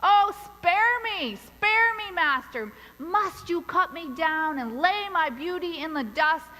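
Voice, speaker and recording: A woman voicing a humble male bamboo plant that begs and then gives in, in a sermon story, with soft, trembling pleas. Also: very high voice, expressive, slow, in a large hall, voice pushed up, heavily acted, rough recording. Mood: pleading.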